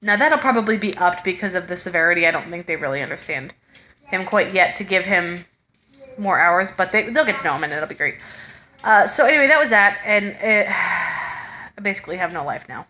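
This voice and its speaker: A woman's voice: fairly low pitch, animated, fairly quick, pushed and bright. A woman in her thirties, a mother chatting casually to camera and telling a story with frequent laughter. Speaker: mother vlogger. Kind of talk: casual chat.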